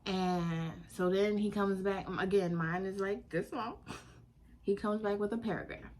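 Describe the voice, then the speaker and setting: Sassy, animated woman telling a story. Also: medium pitch, measured pace, a little hiss or hum. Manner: animated, sassy, laughing often, African American Vernacular English slang. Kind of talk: casual storytime.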